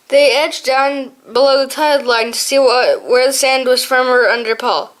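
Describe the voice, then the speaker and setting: A woman's voice: high voice, moderate pace, few pauses. A woman reading an audiobook aloud, often stumbling and restarting words. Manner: frequent slips and restarts. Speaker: audiobook reader. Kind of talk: amateur audiobook narration.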